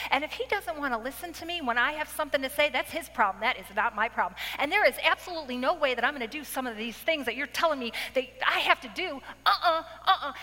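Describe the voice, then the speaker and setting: Animated woman preaching in an echoey hall. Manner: dramatic, acts out her past self with sudden high outbursts; laughs often with the audience. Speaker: speaker addressing a women's audience. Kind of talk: testimony talk. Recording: echoey hall with faint noise.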